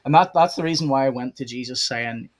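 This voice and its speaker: A man's voice: mid-range voice, fast talker. A man with an Irish accent hosting a casual theology podcast, asking long, rambling questions. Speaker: podcast host.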